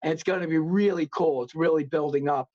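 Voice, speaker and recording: Casting: New York man as a chatty podcast guest, a little high-pitched, rambling, muffled remote line. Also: fairly quick, darkish tone. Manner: rambling, many fillers and restarts. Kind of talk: casual interview chat.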